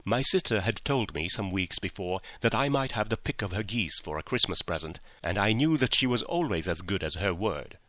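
A man's voice: fairly low pitch, animated, normal speed, hardly any pauses, bright, forceful tone, dry recording. A man reading an audiobook, voicing a terrified young male jewel thief who pleads frantically and shrilly. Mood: nervous confession.

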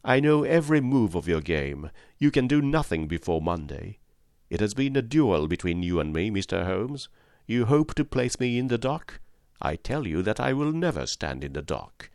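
A man reading an audiobook, voicing a soft-spoken older criminal mastermind with precise, courteous and quietly threatening speech. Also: on the low side, big pitch swings, normal speed, creaky, no echo, clean studio sound.

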